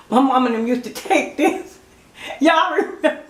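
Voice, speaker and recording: A woman in her fifties chats casually with her viewers as a vlogger, laughing often and calling them y'all. Her voice is high, expressive and a bit bright, and she takes her time. The room sounds echoey.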